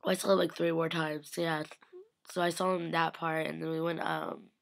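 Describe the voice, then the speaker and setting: A woman's voice: deep voice, flat delivery, brisk, gravelly. A young woman gushing and rambling about meeting celebrities, filling her talk with "like" and acting out what people said. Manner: acts out quotes in shifting voices. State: slightly sick. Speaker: vlogger. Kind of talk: casual recap of a fan convention.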